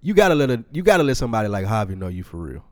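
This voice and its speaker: A man's voice: lowish voice, sing-song, racing, no room sound. Laid-back man, dry close sound. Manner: laid-back, slangy, retells scenes with quoted lines. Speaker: podcast co-host. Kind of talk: casual recap chat.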